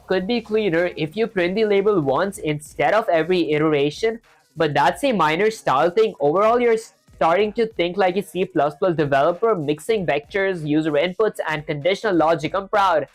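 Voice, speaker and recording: A man streaming live coding, talking quickly in a casual, chatty way, reading instructions aloud and filling gaps with fillers. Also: high-pitched. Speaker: programming streamer.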